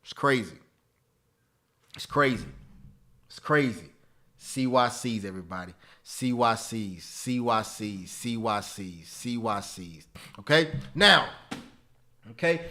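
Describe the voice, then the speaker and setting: Animated, bright-voiced man teaching a webinar. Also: medium pitch, slow pace, long pauses. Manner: animated and preachy, with repeated phrases and tag questions. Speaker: webinar host teaching stock options. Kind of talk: live webinar talk, motivational.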